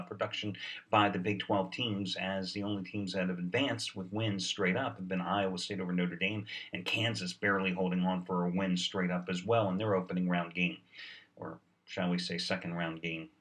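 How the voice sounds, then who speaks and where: A man with a lowish voice talks through his sports betting picks in a salesy, wry way, filling gaps with "uh." He sounds short on sleep. His voice sits a bit back from the mic. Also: a bit bright, distant mic. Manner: salesy, sarcastic, many "uh" fillers. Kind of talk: sports betting video report.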